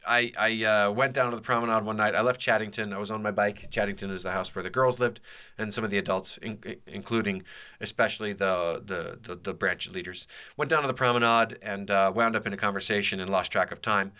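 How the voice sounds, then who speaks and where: A man's voice: fairly low pitch, fairly even intonation, fairly quick, sharp tone, smooth. A man hosting a podcast, telling a personal story in a casual, rambling way with many fillers and restarts. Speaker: podcast host.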